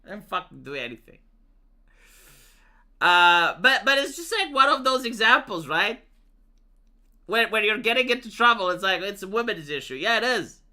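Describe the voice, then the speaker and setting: His high, animated voice is pushed and bright, moving at a moderate pace. The Romanian streamer talks casually with viewers, telling meandering stories with plenty of restarts and swearing.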